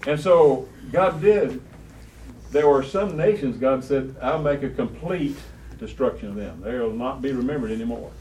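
A man's voice: medium pitch, moderate pace, a little mellow. A man teaching a Bible study class, quizzing the students and repeating key phrases with emphasis. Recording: roomy, distant, faint room noise.

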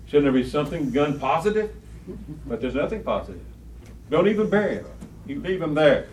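A man's voice: on the high side, very animated, fairly quick, a little mellow. A man teaching a Bible study class, quizzing the students and repeating key phrases with emphasis. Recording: roomy, distant, faint room noise.

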